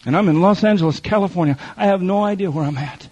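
A man's voice: high-pitched, fast, a little mellow, husky. A middle-aged man preaching a folksy testimony sermon, telling stories and acting out the other people in them. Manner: folksy storytelling with quoted voices and repetition. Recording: muffled lo-fi recording.

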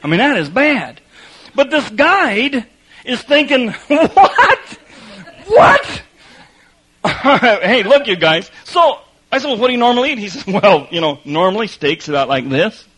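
Preacher guy, kinda high voice, tells stories and reads scripture slow and soft. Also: breathy edge, low-quality recording. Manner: animated storytelling with laughter, then slow quiet scripture reading. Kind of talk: sermon with storytelling and scripture reading.

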